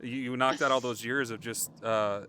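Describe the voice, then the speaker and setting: A young man hosting a podcast interview, quick and eager, laughing along with his guest. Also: mid-range voice, fairly even intonation, bright, forceful tone, smooth. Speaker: podcast host. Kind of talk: casual interview chat.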